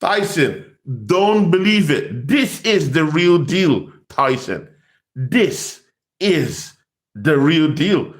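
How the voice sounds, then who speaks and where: A man giving an animated football fan rant, excitable and taunting, often repeating his words. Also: fairly high pitch, very slow. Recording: echoey room.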